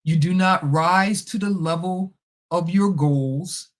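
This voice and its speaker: A middle-aged woman hosting a podcast, telling a personal story in a casual, animated way and acting out past conversations. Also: fairly low pitch, slow. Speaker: podcast host.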